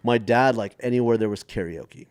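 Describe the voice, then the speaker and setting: A man's voice: mid-range voice, normal speed, clear, resonant tone, no echo. A middle-aged man from the Dallas area, a comedian telling stories in a casual chat and slipping into voices. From Dallas area, Texas. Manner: animated storyteller who slips into voices and laughs often. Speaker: comedian guest.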